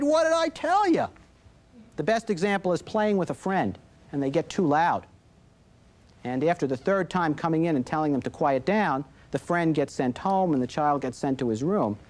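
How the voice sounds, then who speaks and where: A man's voice: a little high, normal speed, darkish tone. A man giving an instructional talk to parents on child behavior, explaining with examples and acting out quoted lines from a 1980s videotape.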